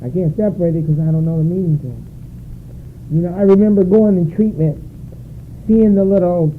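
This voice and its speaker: A woman sharing her story at a recovery meeting, emotional and searching, often halting. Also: mid-range voice. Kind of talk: personal share at a meeting. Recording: tinny phone-like recording with faint noise.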